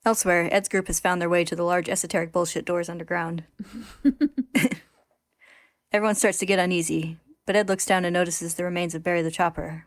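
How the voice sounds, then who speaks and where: A woman with a fairly low voice recaps a story chapter for her podcast, delivering the plot with dry sarcasm. The sound is close and dead, with no room echo. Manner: wry, sarcastic storytelling with frequent laughs. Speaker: podcast host recapping a manga. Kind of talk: casual recap narration.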